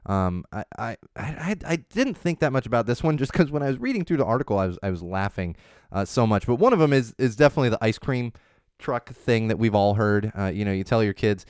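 Chatty dad host with a lively voice. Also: male voice, on the low side, quick pace, smooth, dry recording, studio quality. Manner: chatty with many restarts and laughs, grows emphatic. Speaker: podcast host. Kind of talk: casual chat.

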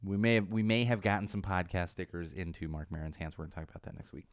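A Los Angeles podcast host with a low voice talks at a quick pace, and the audio has no echo. He rambles through a casual monologue that gradually turns into an indignant rant.

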